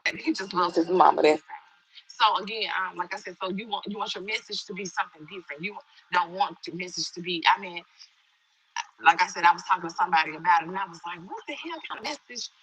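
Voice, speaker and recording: A woman's voice: medium pitch, rough recording. A middle-aged woman chatting casually on a livestream, a bit out of breath as she walks and reads viewer comments. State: out of breath while walking. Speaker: livestream host. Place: walking through a crowded shop.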